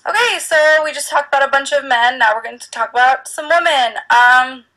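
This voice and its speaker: A woman's voice: high voice, brisk, pushed and bright, rough recording. A young woman teacher from the United States giving a chatty, informal history lecture full of ums.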